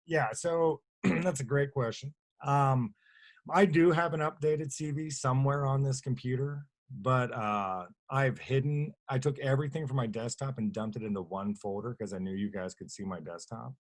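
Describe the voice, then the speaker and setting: A man's voice: mid-range voice, normal speed. A man, a guest artist on a webinar video call, answering questions in a rambling, plainspoken way and often correcting himself mid-sentence. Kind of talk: webinar talk.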